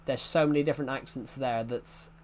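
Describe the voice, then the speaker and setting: Chatting casually as he plays, this British man with an English accent is a gaming YouTuber who rambles and frequently starts his sentences over. His voice sits in the middle range with fairly even intonation, moving a little fast over a faint hiss or hum.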